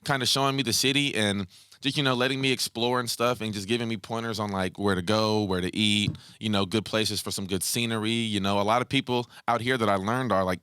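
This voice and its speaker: A man's voice: on the low side, brisk, clear, resonant tone, no room sound, studio quality. A man with an American accent, a guest on a podcast, chatting casually with lots of fillers and easy laughs. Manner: relaxed, laughs easily, filler-heavy. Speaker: basketball player guest. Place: podcast studio.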